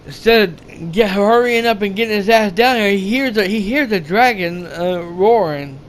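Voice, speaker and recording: A man retelling a movie's plot in a rambling, halting way, full of fillers, restarts and swearing, acting out the characters' lines. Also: high-pitched. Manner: rambling, halting, many fillers and restarts, profane, acts out quotes. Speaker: movie reviewer. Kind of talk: rambling casual movie recap.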